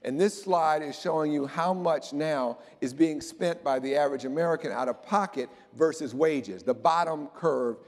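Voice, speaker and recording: A man giving an animated, joking conference talk about slides to a live audience. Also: on the high side, normal speed, few pauses. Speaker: keynote speaker. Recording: long hall reverb.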